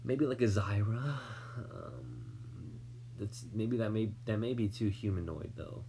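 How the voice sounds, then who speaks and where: A man's voice: fairly low pitch, expressive, a little slow, dark tone, slight background noise. An American man thinking aloud while he draws, mumbling, trailing off into near-whispers and tossing in self-deprecating asides. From United States. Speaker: artist drawing on stream.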